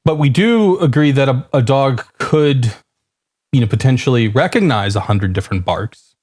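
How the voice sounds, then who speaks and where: A man's voice: medium pitch, expressive, normal speed, darkish tone, no room sound, clean studio sound. A man co-hosting a podcast, reasoning aloud in a thoughtful, casual way. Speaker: podcast co-host. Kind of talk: casual chat.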